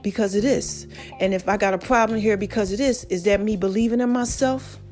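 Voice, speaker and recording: A woman hosting a casual motivational podcast, preachy and animated, her voice cracking and tired. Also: medium pitch, brisk, soft background music. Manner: preachy, animated, calls listeners baby and child. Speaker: podcast host.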